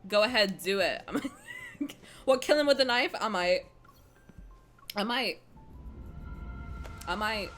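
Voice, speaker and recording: A young woman live-streaming a game and chatting with viewers, excitable and dramatic, swearing and laughing between outbursts. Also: medium pitch, takes it slowly, pauses often, faint music behind.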